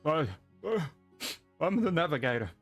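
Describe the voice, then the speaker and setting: A man's voice: fairly high pitch, sing-song, normal speed, muffled recording, soft background music, pitched above the performer's own voice. A man voicing a meek, shabby navigator who stammers timidly.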